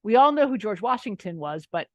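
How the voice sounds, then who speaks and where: A middle-aged woman from Pennsylvania, a nonfiction author, telling anecdotes in a lively, wry way. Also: mid-range voice, fairly quick, dry recording, highs cut off. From Pennsylvania, USA. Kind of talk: casual interview storytelling.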